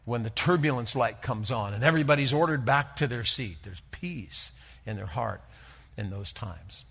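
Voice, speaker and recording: A man preaching a sermon and telling personal stories, swinging from hushed, intimate lines to rising, emphatic ones. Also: mid-range voice, animated, normal speed, creaky, husky. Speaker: pastor.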